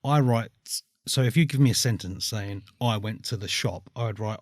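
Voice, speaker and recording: A man in his thirties hosting a podcast, easygoing and quick to laugh, often restarting his sentences. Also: fairly low pitch, no echo, studio quality. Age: 30s. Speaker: podcast host. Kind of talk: casual podcast conversation.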